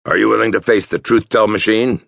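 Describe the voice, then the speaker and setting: A man's voice: lowish voice, fairly even intonation, a little fast, gravelly, a bit bright, no room sound, pitched above the performer's own voice. Man voicing a harsh police detective chief. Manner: harsh, commanding.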